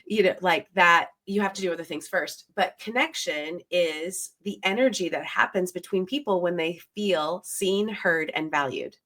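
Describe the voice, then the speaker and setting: Brief: female podcast host, thoughtful and reflective, lowish voice. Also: normal speed, hardly any pauses, fairly bright tone. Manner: reflective, sums up what she hears. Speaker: podcast host and keynote speaker. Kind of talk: conversational podcast interview.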